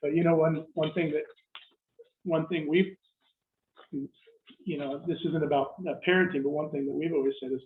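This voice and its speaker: A man's voice: on the high side, fairly even intonation, moderate pace, long pauses, slight background noise. A middle-aged man preaching a sermon in a conversational way, stopping himself mid-sentence and acting out people's reactions. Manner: conversational, self-interrupting, acts out quoted reactions. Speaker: pastor. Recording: echoey room over a tinny phone-like line.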